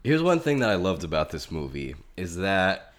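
Very deep-voiced man discussing films. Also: sing-song, normal speed. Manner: analytical, leading the discussion. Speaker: film podcast co-host. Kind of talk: casual chat.

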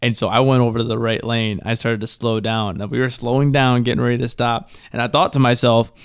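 A young man co-hosting a podcast, telling a crude, animated story in casual banter, full of restarts and quoted voices. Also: medium pitch, fairly quick, smooth, no room sound, clean studio sound. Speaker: podcast co-host.

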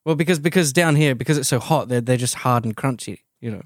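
A man with an Australian accent trading dry jokes on a podcast. His voice is a mid-range pitch, recorded close and dead-dry with no room sound. He teases with a straight face. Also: fast, dry recording. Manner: dry wit, playful teasing. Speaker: podcast co-host, dungeon master. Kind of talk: casual chat.

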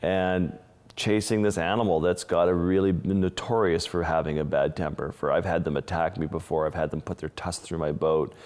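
Male underwater photographer, deep voice, casual storyteller, lingering reverb on the track. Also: steady tone, normal speed, a little mellow. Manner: casual, restarts phrases, vivid retelling. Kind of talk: interview storytelling.

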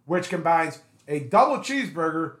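A man's voice: fairly high pitch, sing-song, normal speed, fairly bright tone, reverberant. A man chatting casually on a podcast, running through items from a list.

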